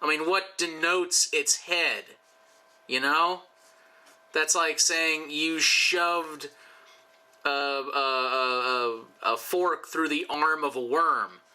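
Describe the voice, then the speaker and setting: With a fairly high pitch, a slow pace, and a sharp tone, this man talks over poor audio. He's a tipsy YouTuber drawing commissioned art, offering rambling, joking commentary peppered with profanity.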